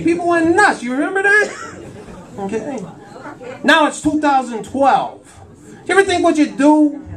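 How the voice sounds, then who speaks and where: With a high-pitched, fairly bright voice, this stand-up comedian in his fifties works a live cafe crowd from a small stage, repeatedly saying "I'll tell you" between jokes. The recording catches him from far off in the cafe.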